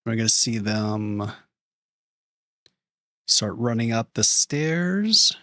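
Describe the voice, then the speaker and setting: Sketching storyboards on a stream, this man talks casually and animatedly at a slow pace, rambling, laughing frequently, and leaning heavily on "like." His voice is mid-range with a fairly bright tone, captured at studio quality with no room sound.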